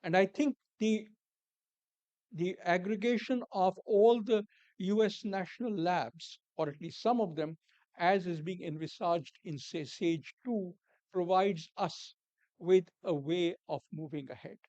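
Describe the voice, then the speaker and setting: A man giving a formal conference keynote in a measured, deliberate way, repeating key words for emphasis and dropping the odd dry aside. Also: high voice, a little mellow, no room sound. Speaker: keynote speaker. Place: conference hall.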